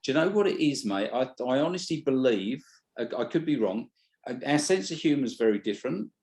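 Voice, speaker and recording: British guy chatting in an interview, blunt, swears a lot, trips over his words, pitch right in the middle. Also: very animated, brisk, a little mellow. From Britain. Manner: blunt, swears freely, restarts mid-sentence. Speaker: stage hypnotist guest. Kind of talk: casual interview chat.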